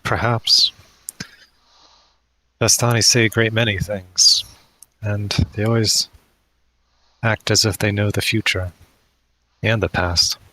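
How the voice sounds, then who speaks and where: A man's voice: on the low side, fairly even intonation, slow, long pauses, bright, forceful tone, poor audio. A man running a tabletop game as dungeon master, often laughing as he voices the townsfolk.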